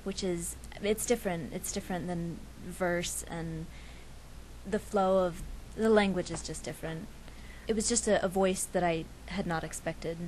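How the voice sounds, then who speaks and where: A young woman in her twenties, a student poet, answering interview questions in a soft, hesitant way with many restarts, then reading her own poem. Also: lowish voice, fairly even intonation, a little slow, slight background noise, poor audio. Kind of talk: casual interview and poetry reading.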